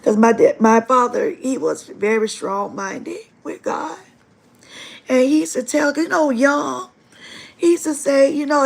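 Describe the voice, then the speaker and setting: High, gravelly-voiced woman giving testimony. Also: lively intonation, a little slow. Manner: emotional, earnest, addresses viewers directly. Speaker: livestream host. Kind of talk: live-stream faith testimony.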